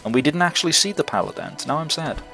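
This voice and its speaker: A man's voice: on the high side, sing-song, fast, vocal fry, bright, forceful tone. A man giving casual, joking gameplay commentary on a stream, swearing and laughing as he talks. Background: faint game music.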